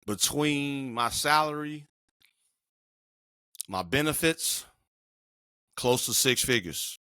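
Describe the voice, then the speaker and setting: A man's voice: mid-range voice, animated, slow pace, sharp tone, clear, resonant tone, no echo, studio quality. A middle-aged man co-hosting a podcast, telling a personal story in an emphatic, slangy way. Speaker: podcast co-host. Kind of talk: casual podcast conversation.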